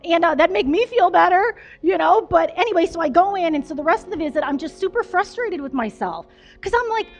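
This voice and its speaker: A woman's voice: very high voice, lively intonation, brisk, faint music behind. A woman pastor giving a conversational storytelling sermon, chatty and self-deprecating, with lots of fillers.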